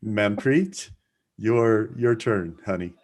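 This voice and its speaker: Low-voiced man moderating a call. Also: slow pace, darkish tone. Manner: friendly, self-deprecating. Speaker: session moderator. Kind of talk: moderating a group video call.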